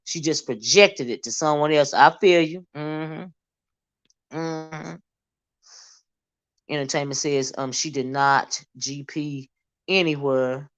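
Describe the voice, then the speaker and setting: A woman's voice: low-pitched, slow pace, pauses often. A woman hosting a casual livestream with sassy gossip commentary, reading chat comments aloud and drawing out asides of "child". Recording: dull lo-fi stream audio.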